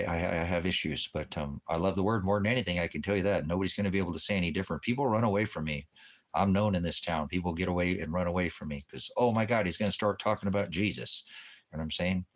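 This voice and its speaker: A man's voice: deep voice, fast talker. A man hosting a casual livestream, rambling and preachy and often cursing, now and then cooing at his dog. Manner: baby talk to his dog. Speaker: YouTube channel host.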